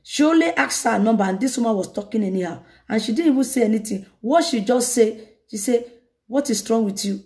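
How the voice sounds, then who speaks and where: A woman evangelist preaching a lively sermon, telling a story dramatically. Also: on the high side, a little fast. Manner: animated, laughing, dramatic retelling.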